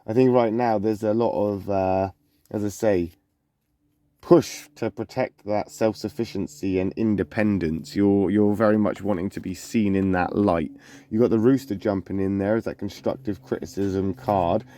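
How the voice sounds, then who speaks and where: Low-voiced man giving a casual zodiac reading. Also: warm tone, no echo. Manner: conversational, loose, repeats phrases and restarts often. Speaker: zodiac reading channel host.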